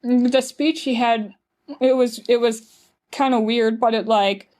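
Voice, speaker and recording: A woman's voice: a little high, steady tone, slow, a little mellow. Chatty woman telling a story. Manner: chatty, fills speech with "like", acts out quotes. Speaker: podcast guest. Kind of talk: casual storytelling.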